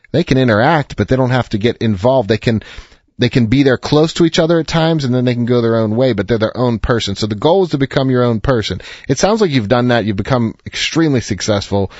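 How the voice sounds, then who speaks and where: Earnest reassuring man counseling a caller, mid-pitched, close dry mic, slightly dull sound. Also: expressive, quick pace, a little mellow, no echo. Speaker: advice show host.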